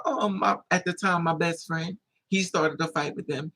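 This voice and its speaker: A husky, breathy voice tells a story straight to camera in a loose, casual way. The delivery is animated: the quotes of other people jump into high, squealing voices, then drop back to a middle-pitched, easy narrating tone. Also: normal speed. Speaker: vlogger.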